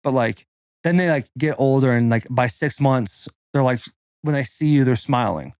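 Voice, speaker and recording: A man's voice: mid-range voice, expressive, normal speed, a little mellow, smooth, no room sound, clean studio sound. A man in his thirties, a podcast host, telling a personal story in a loose, casual way, swearing and saying "like" constantly. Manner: loose and profane, full of "like" fillers.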